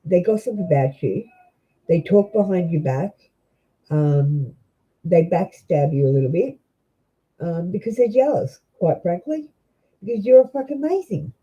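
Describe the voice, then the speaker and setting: A young Australian woman reading tarot cards on a live stream, chatty and halting, with many ums and restarts. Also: fairly low pitch, animated, dark tone, breathy edge, dull audio. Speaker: tarot reader.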